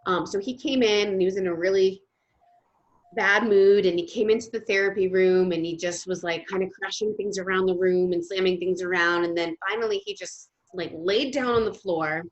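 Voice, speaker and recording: A woman's voice: medium pitch, fairly even intonation. A young adult woman, a guest music therapist, telling stories in a casual interview with many ums and restarts. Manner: halting, restarts often with ums. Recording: dull lo-fi sound.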